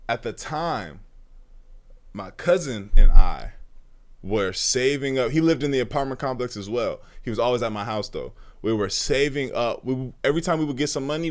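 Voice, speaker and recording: A man telling a personal story in a casual storytime monologue, profane and slangy, animated, with sudden hushed drops. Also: on the low side.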